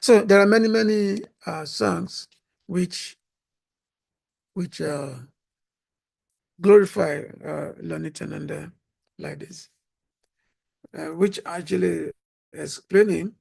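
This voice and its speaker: Male religious speaker, hoarse and losing his voice, slow and halting delivery. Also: sits high, fairly even intonation, a little mellow. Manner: halting, frequent pauses and restarts. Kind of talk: devotional talk.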